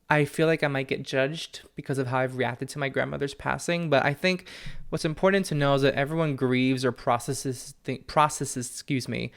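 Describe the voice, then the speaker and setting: A young man hosting a solo podcast from home, talking candidly and earnestly, often with a soft laugh. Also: fairly high pitch, smooth. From family from Peru. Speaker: podcast host, psychic medium. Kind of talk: reflective solo podcast talk. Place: at home with his dog.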